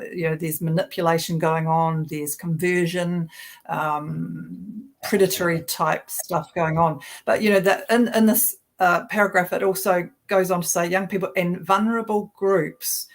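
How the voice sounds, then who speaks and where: A woman with a New Zealand accent co-hosting a political livestream, chatty and sarcastic, often restarting her sentences. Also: on the low side. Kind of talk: casual political talk show.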